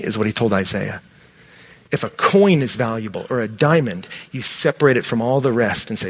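Animated man preaching a sermon. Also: mid-range voice, normal speed, husky. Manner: conversational preaching, animated emphasis. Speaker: pastor.

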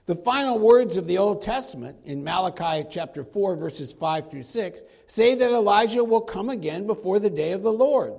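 A man with a fairly high voice, preaching verse by verse through a Bible passage. His delivery is conversational and lively, and he slips into casual slang when he acts out what the people in the story say. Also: moderate pace, gravelly, hardly any pauses. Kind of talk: expository Bible teaching.

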